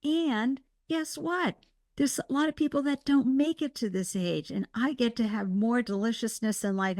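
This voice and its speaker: A woman guest talking in an interview, passionate and emphatic, with animated bursts of enthusiasm. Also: mid-range voice, dry recording, clean studio sound. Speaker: guest, startup mentor and podcast host. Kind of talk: conversational interview.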